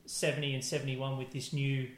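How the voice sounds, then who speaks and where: A man's voice: mid-range voice, level tone, fairly quick. A man interviewing for an oral history, asking careful questions with many restarts. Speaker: interviewer, local football historian. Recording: echoey room.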